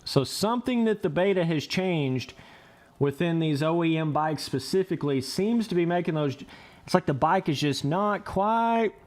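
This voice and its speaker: A young man giving casual, excitable commentary over motocross gameplay, laughing and trash-talking as he rides. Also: a little high, moderate pace. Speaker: gaming commentator.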